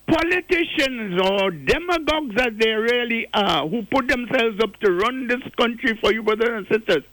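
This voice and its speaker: An older man speaks in a strikingly high, bright voice, sermonizing like a preacher as he calls in to a radio show. His delivery is rhetorical and insistent, hammering on single words to make his point. The sound is close and dry, with no room around it. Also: animated, moderate pace, no room sound, low-quality recording. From Grenada. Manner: preachy, rhetorical, repeats key words for stress. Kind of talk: impassioned call-in commentary.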